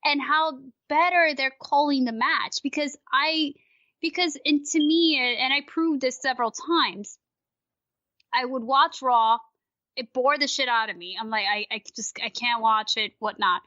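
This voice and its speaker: A woman with a high, bright voice rants animatedly and swears freely in casual podcast chat. Her voice sits high above most women's. The recording is dry and dull, with a lo-fi sound. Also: measured pace, dry recording. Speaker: podcast guest.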